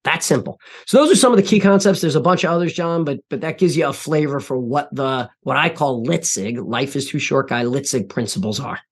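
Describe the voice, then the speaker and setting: A man in his forties, a podcast guest, telling reflective stories in an earnest way, often pausing and restarting. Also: mid-range voice. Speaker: podcast guest, CEO and author. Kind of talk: interview storytelling.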